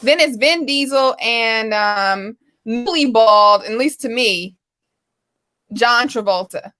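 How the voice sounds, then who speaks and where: A woman co-hosting a casual live talk show, chatty and animated, laughing often as she talks. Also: on the high side, takes it slowly. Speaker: co-host. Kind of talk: casual chat.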